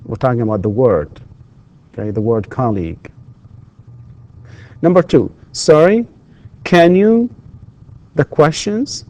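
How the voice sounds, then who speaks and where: A man's voice: mid-range voice, takes it slowly, long pauses, dark tone. A male university English lecturer, giving a recorded lesson and patiently repeating questions for his students. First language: Arabic.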